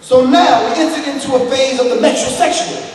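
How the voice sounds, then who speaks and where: A man's voice: very high voice, fairly quick. A middle-aged man giving a fiery, preacher-like lecture, speaking straight to the crowd. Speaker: speaker addressing an audience. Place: large hall with an audience. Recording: echoey hall, voice picked up from far off.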